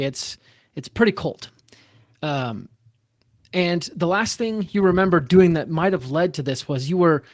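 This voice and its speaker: A male game master narrates a tabletop one-shot in a halting way, stopping and restarting often between his fillers. His voice sits slightly high and sounds dry and close. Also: dry recording.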